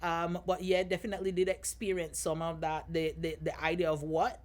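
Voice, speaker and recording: Woman, Jamaican accent, podcast guest, reflective, thinks aloud, slightly low pitch. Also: little pitch movement, brisk. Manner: reflective, thinks aloud with many fillers and restarts. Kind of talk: casual chat.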